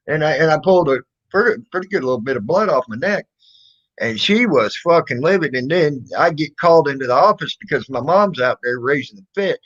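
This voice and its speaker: A man's voice: fairly high pitch, expressive, moderate pace, a bit bright. Rambling, profane man telling stories. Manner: rambling, profane, many fillers and restarts. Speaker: storyteller. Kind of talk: casual storytelling. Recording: dull lo-fi recording.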